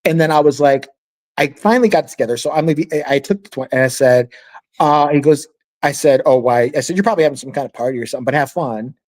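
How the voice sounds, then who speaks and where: A man's voice: fairly high pitch, fast, darkish tone. A man co-hosting a podcast, telling a story in casual chat, laughing often and acting out what other people said. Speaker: podcast co-host.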